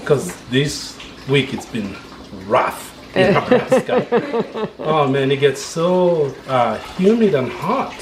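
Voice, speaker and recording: A man chatting casually with his family in a relaxed, chuckling way. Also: on the high side, slow pace, echoey room, background noise. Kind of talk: casual chat.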